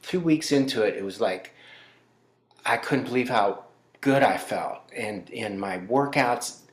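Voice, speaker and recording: A man talking as a guest in casual interview chat, halting and rambling with many fillers. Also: medium pitch, roomy sound. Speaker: musician guest.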